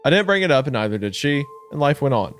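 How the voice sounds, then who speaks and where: Laughing, animated male podcast host. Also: quick pace, soft background music. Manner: animated, laughs often, reads narration in a lower hushed tone. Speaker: podcast co-host reading a story. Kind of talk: casual horror podcast chat with story reading.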